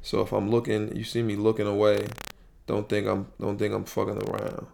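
Gravelly, rambling podcast host. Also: male voice, lowish voice, fairly quick, a little hiss or hum. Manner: rambling, animated, swears, repeats himself. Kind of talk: casual sports talk.

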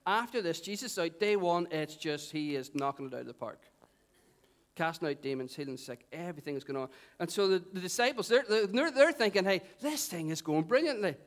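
A man's voice: a little high, a little fast. A man with a Northern Irish accent preaching a sermon in a church, playful and joking with the congregation. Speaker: pastor. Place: church hall.

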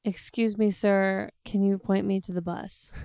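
A woman's voice: medium pitch, flat delivery, measured pace, warm tone, clear, resonant tone, no room sound, clean studio sound. A woman co-hosting a podcast in casual chat, making blunt, teasing interjections. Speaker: podcast co-host.

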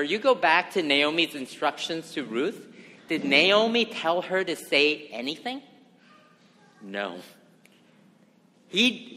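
A man delivers a sermon in a slightly high, bright voice. He is earnest and emphatic, often throwing rhetorical questions at his listeners. The sound carries a long reverb, as if in a large hall. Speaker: pastor.

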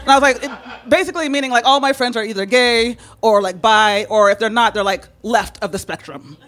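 A woman from San Francisco telling a personal story, lively and often laughing as she acts out the people in it. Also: a little high, a little fast. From San Francisco, United States. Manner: animated, laughing, acts out quoted voices.

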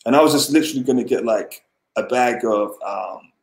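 As a podcast guest, a man casually tells a long personal story in a mid-range voice at a fairly quick pace. He rambles, with plenty of fillers and restarts, and the recording has a roomy echo.

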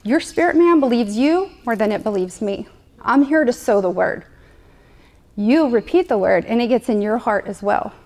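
Chatty woman preacher, slightly high voice. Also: animated, moderate pace, darkish tone. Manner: conversational, repetitive, playful asides. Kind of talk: sermon. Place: room with a live congregation.

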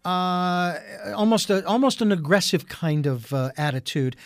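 A male host with a notably high voice chats casually, often laughing and pausing with fillers. The sound is dry and close, with no room around it. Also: lively intonation, no echo. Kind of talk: casual interview chat.

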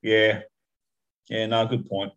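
An Australian man co-hosting a podcast, chatting easily with a friend in a relaxed, mumbling way. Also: on the low side, takes it slowly, smooth, muffled recording. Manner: laid-back, mumbling, easygoing. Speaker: podcast co-host. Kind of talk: casual chat between friends.

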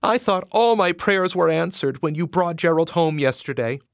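A man's voice: on the high side, expressive, normal speed, vocal fry, dry recording, studio quality, pitched above the performer's own voice. A man voicing a gray-haired mother who gushes frantic, breathless thanks. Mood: overwhelmed. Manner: breathless, gushing, tearful thanks.

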